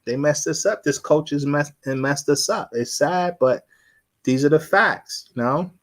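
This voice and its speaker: A man's voice: fairly high pitch, measured pace. A man giving a casual live-streamed lecture, rambling and repeating himself as he sounds out syllables.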